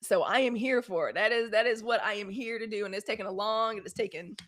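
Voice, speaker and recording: Speaking fast in a mid-range, fairly bright voice, this Mississippi woman in her fifties chats straight to viewers on her live news stream. She has a Southern accent and keeps things casual.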